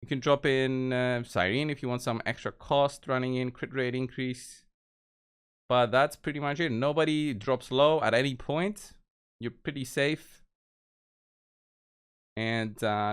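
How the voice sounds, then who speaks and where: Man, gameplay commentary, casual, step-by-step, smooth voice, mid pitch. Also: fairly bright tone. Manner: casual, explains moves step by step to viewers. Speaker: game video creator.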